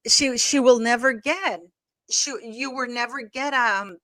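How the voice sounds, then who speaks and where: A woman's voice: fairly high pitch, unhurried, fairly bright tone, no echo. A woman co-hosting a live stream in casual chat. She thanks viewers often and laughs easily.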